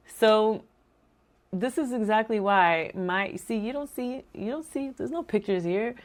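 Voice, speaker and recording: A woman from Rico, hosting and telling a faith-based family story in a lively, laughing way. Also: mid-range voice, unhurried. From Puerto Rico. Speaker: podcast host.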